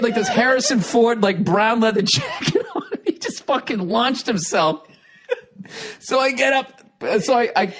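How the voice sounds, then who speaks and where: A man hosting a podcast, telling a story casually, laughing often and swearing a lot. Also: high voice. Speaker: podcast host.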